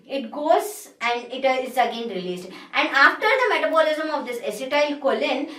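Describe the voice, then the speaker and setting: Her high-pitched, fairly bright voice carries an Indian English accent as she gives a pharmacology lecture, laying out each step and repeating her points. The recording has an echoey room sound from a distant mic.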